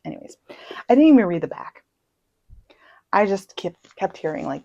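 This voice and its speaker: A young woman chatting casually as a book vlogger, self-deprecating and full of quick asides. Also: medium pitch, animated, warm tone, dry recording, rough recording. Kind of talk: casual chat. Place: home.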